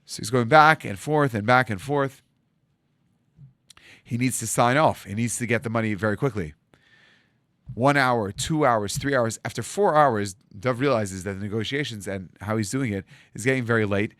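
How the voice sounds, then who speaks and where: Rabbi telling a story, dry close sound. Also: male voice, medium pitch, normal speed, no echo. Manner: animated storyteller acting out dialogue. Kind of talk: storytelling sermon.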